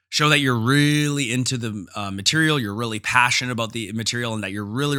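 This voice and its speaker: A man's voice: medium pitch, sharp tone. A man hosting a solo podcast, talking casually and candidly about teaching, with frequent fillers and restarts. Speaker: podcast host and jiu-jitsu instructor.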